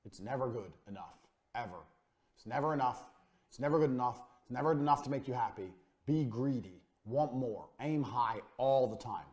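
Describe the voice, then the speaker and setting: A man lecturing on business with swaggering, emphatic confidence, in clipped, punchy sentences peppered with casual swearing. His voice sits at an ordinary male pitch and tends to drop quiet as each phrase ends. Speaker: course instructor. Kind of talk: blunt motivational business lecture.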